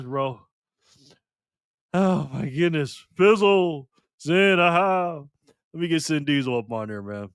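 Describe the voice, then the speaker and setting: A man with a fairly high, bright, clear and resonant voice hosts a casual livestream, recorded with studio quality and no room sound. Reading out donations, he talks in a slangy, playful way and thanks viewers by name.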